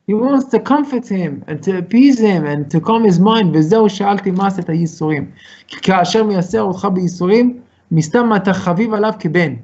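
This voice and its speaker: A man teaching a Torah class over a video call, explaining with everyday examples and quoting Hebrew texts quickly. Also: high voice, darkish tone, dry recording. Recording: muffled, dry video call audio.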